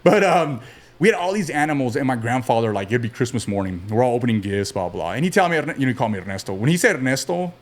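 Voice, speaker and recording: A man speaks as a podcast guest, at an ordinary middle pitch, his stories drifting through fillers and restarts. He talks casually, as if to a friend across the table. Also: fast. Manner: relaxed, rambling, frequent fillers and restarts. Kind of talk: casual storytelling interview.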